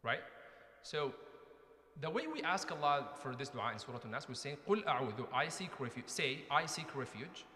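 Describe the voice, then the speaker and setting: A man delivers a conversational lecture in a mosque hall, his voice sitting slightly high. He often turns to the audience with questions. The recording carries the echo and long reverb of the large hall. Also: big pitch swings, moderate pace, sharp tone.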